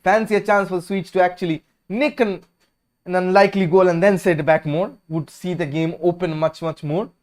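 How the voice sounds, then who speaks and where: High-voiced man giving casual match commentary. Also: brisk. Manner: chatty and opinionated, drifting between lively calls and low mumbles. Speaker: host of a live watch-along stream.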